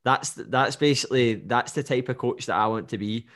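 A man's voice: medium pitch, moderate pace, a bit bright. A man hosting a podcast, speaking thoughtfully and reflectively with fillers and restarts. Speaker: podcast host. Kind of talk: casual chat.

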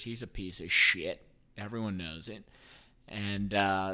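A man in his thirties hosts a podcast in loose, casual sports talk, with a fairly low voice. He rambles, curses freely and jokes his way through each point. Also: fairly bright tone, smooth. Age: 30s. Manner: profane, rambling, joking. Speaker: podcast host.

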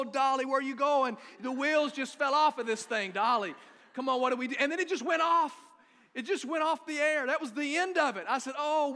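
A man preaching a lively, joking sermon as a pastor to his congregation. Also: sits high. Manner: upbeat, joking, rallying the congregation. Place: church auditorium. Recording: long hall reverb in a church.

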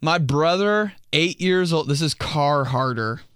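A man's voice: a little high, lively intonation, measured pace, fairly bright tone, clear, resonant tone, dry recording, clean studio sound. A young man casually hosting a solo podcast, joking loosely in slang and laughing between stories. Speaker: podcast host.

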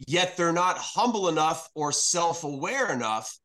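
A man's voice: on the high side, animated, unhurried, pushed and bright. A man from New York City, a guest on a podcast, talking bluntly and animatedly about politics, with plenty of swearing. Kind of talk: casual political chat.

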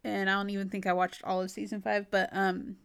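A woman in casual chat, hesitant and restarting her sentences, quick to laugh. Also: mid-range voice, little pitch movement, gravelly, a bit bright, smooth.

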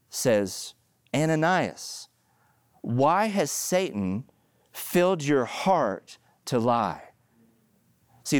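A middle-aged man preaches with lively, emphatic storytelling, his voice climbing high and loud at the peaks before settling back. His pitch sits in an ordinary middle range. The sound is dry and close, with no room echo. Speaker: pastor. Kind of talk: sermon.

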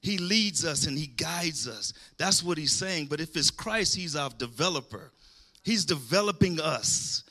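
A man's voice: on the high side, animated, measured pace, bright, forceful tone. A man preaching a sermon, calling out to the congregation and rising into emphatic bursts.

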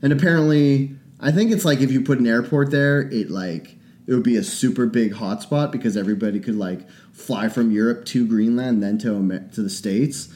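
A man in casual podcast chat, rambling and opinionated, swearing often as he thinks out loud. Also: medium pitch, brisk.

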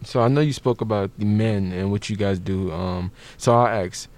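Male podcast host, low voice, measured questions. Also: a little mellow. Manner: brief affirmations, measured questions.

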